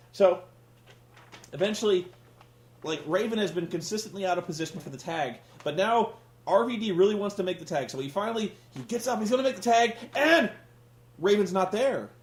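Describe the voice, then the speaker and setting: A man's voice: high-pitched, reverberant. A man hosting a casual comedic rant, sarcastic and profane, sounding exasperated. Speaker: podcast host reviewing wrestling.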